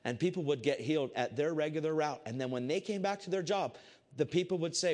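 A man with a somewhat high-set voice tells a Christian testimony in casual, everyday talk. He is animated and swings from bursts of loud excitement to hushed, intense stretches. He keeps saying "I said" as he tells it. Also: fast. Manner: casual, repeats "I said" often. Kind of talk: testimony storytelling to a crowd.

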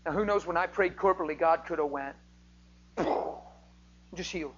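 Man, preacher, sermon storytelling, slightly high voice, animated, muffled recording, faint hum. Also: brisk. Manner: animated, rises to near-shouting when excited.

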